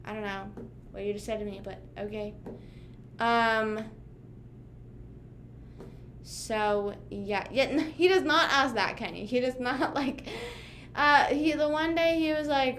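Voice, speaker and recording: A woman's voice: on the high side, a little slow, fairly bright tone, a little hiss or hum. Slangy chatty young woman streamer. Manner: chatty, slangy, lots of "like" and "bruh". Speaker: livestreamer. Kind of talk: casual chat with viewers. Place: home room.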